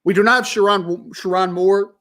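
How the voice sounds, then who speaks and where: A man hosting a live sports talk stream, ranting with frustration and emphasis, apologizing and calming down, then reading viewer questions. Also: sits high, moderate pace. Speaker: sports podcast host.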